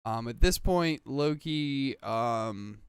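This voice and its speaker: A man's voice: medium pitch, animated, takes it slowly, clear, resonant tone, dry recording. A man casually recapping a TV episode on a podcast, rambling with fillers and acting out quoted lines. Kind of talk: casual chat.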